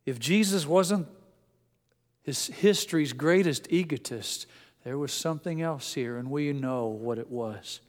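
A man's voice: on the high side, unhurried. An older man preaching a sermon in an earnest, conversational way, with small restarts. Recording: echoey hall.

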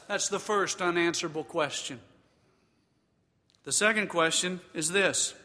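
A male pastor preaching in a slow, deliberate, emphatic way, with a high, bright voice. His words ring out with the long reverb of a large hall, and he has the congregation repeat lines after him. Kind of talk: sermon.

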